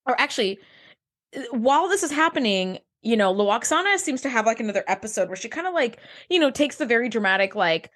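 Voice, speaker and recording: Woman podcast co-host, casual recap chat, blunt and joking, slightly high voice. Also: sing-song, a little fast, fairly bright tone.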